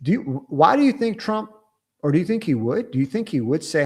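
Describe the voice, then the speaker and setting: A male podcast host chats casually, rambling and excitable, with many restarts and fillers. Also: high-pitched, brisk, slightly rough. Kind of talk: casual interview chat. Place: Germany.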